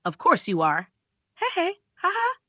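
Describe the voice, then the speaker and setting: A woman's voice: a little high, expressive, normal speed, fairly bright tone, no room sound, studio quality. A woman voicing a cocky, teasing young man in a manga recap, with a smug manner.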